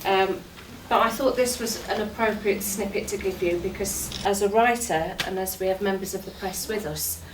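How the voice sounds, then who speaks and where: A woman's voice: mid-range voice, normal speed, hardly any pauses, roomy sound. Woman playwright, casual intro, far from the mic with faint noise. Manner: casual, explanatory. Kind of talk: introducing a play excerpt.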